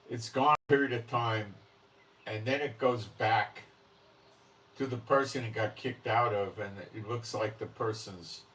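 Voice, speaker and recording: A man's voice: mid-range voice, a bit bright, distant mic, slight background noise, low-quality recording. A man hosting religious commentary, talking in a blunt, emphatic, unscripted way and often checking in with the listener.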